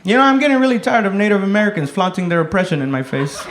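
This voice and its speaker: A man doing a stand-up comedy set, telling loud, profane stories and shouting some bits. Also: high-pitched, sing-song, rapid-fire. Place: comedy club stage with a laughing audience. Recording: echoey room, noisy live audience.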